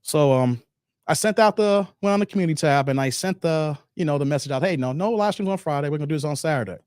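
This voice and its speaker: A man hosting a live stream in a relaxed, slangy way, calling his viewers "man" and "brother" as he goes. His pitch sits a little high and swings widely. The sound is dry and close, with no room echo. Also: fast, clean tone. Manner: slangy, repeats "man" and "guys", talks straight to chat. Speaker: live-stream host reacting to videos and chat. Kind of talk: casual live-stream chat.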